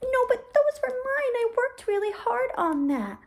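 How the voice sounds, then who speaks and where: Young upset turtle boy for a kids' lesson, high and whiny, slow lines; a woman plays him. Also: sing-song, background noise, heavily acted. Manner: childlike, whiny when upset. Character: young male cartoonish turtle, easily upset.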